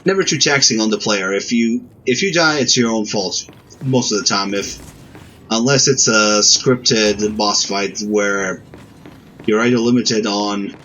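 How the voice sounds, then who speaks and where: A man's voice: on the low side, unhurried, fairly bright tone, dull audio, slight background noise. A man giving casual gameplay commentary as a game reviewer, hesitant and often stammering and restarting his sentences.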